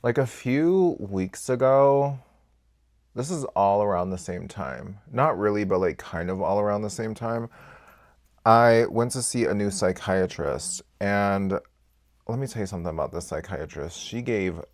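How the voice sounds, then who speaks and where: Casual beauty vlogger, male, lowish register, unfiltered and expressive, loud bursts then muttered asides. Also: measured pace. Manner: candid and expressive, swears freely, swings between loud outbursts and quiet asides. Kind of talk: casual get-ready-with-me chat.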